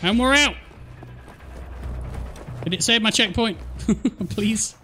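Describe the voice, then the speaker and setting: A man giving jokey, excitable let's play commentary, swearing at the game as he plays. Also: high voice, slow, faint music behind. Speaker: gaming streamer.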